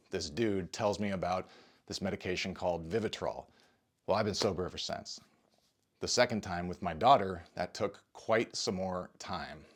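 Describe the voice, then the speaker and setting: A man with a deep, low voice speaks earnestly to the camera about his own struggles. He talks in a confessional way, halting and restarting as emotion catches him. He sounds slightly short of breath. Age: adult parent. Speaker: video creator and podcaster. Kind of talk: personal testimony to camera.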